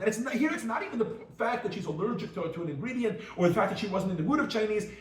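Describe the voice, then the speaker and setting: A rabbi giving a lively class, acting out little scenes as he explains. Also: high voice. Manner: animated, acts out little scenes in different voices. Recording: echoey room, mic far off.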